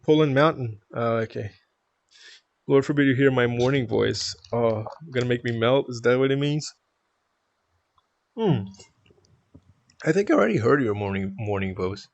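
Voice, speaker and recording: Canadian male streamer, chatty and loose, average pitch, close mic in a dead-dry room. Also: normal speed, creaky, long pauses, no echo, highs cut off. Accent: Canadian (Toronto). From Toronto, Canada. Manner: chatty, rambling, laughs often. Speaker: live streamer. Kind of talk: casual stream chat, reading chat aloud.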